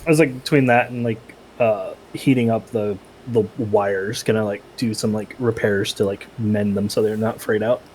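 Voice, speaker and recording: A man's voice: on the low side, fairly even intonation, normal speed, darkish tone, slight background noise, rough recording. A man playing in a tabletop game, casual and hesitant, with fillers. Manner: laid-back, hesitant with fillers. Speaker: player.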